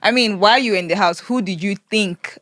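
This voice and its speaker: A woman's voice: medium pitch, brisk, fairly bright tone, no echo, clean studio sound. A woman hosting a casual interview, asking questions and nodding along with short murmurs. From Nigeria. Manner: encouraging, many short agreeing murmurs. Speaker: host.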